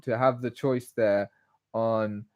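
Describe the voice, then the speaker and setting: A man's voice: lowish voice, steady tone, slow, a little mellow, no echo, studio quality. A man, chatting casually on a solo livestream and rambling off on tangents. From England. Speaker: live stream host.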